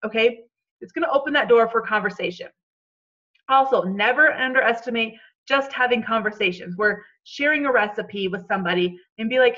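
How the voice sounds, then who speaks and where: A woman's voice: a little high, fairly quick, bright, forceful tone, highs cut off. A woman coaching her team on a call in a chatty, encouraging way, checking in often with "okay?".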